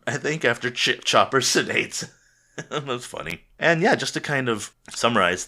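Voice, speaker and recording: A man hosting a podcast, giving a relaxed, rambling recap of a chapter in casual chat. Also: fairly low pitch. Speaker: podcast host.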